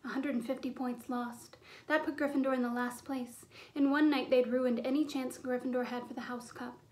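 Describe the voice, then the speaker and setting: A woman reading a children's storybook aloud in clear, steady narration. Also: sits high, normal speed. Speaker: audiobook reader.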